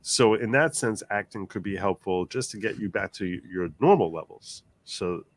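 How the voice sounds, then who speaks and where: A man with a lowish voice hosts a livestream panel, speaking at a moderate pace in a dry recording. He chats casually, reads viewer comments aloud, laughs often and mimics voices in an animated way.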